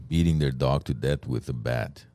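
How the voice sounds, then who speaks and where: A man telling a story in casual chat with friends, animated, with fillers and restarts. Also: very deep voice, moderate pace, no echo, studio quality. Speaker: podcast co-host telling a story.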